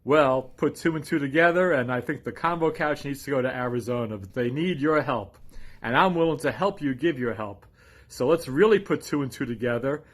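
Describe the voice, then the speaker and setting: A man giving a breezy, jokey recorded shout-out message. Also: medium pitch, fairly quick. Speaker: donor giving a video message.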